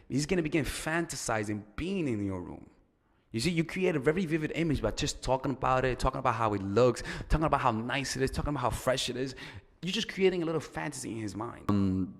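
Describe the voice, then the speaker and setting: A man's voice: mid-range voice, big-room sound. A man giving casual, crude, rambling dating advice as a coach, with loose fillers and restarts.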